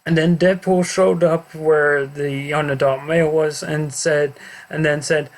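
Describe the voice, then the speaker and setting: A man's voice: on the high side, little pitch movement, creaky. Stumbling man reading a homemade story. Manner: halting, stumbling over words. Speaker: narrator. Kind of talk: amateur story reading over gameplay.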